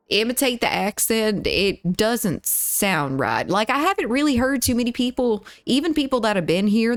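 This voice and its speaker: On her live stream, a woman from the Deep South with a Southern US accent greets viewers and reads the chat aloud, giggling along the way in a casual tone. Her audio has no echo and is studio quality.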